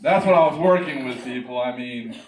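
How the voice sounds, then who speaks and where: A man from New doing a stand-up comedy set, rambling and self-mocking with quick asides to the crowd. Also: mid-range voice. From New York. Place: comedy club stage. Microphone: handheld stage mic heard from the room camera. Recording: roomy club sound from a distant camera. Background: audience laughter.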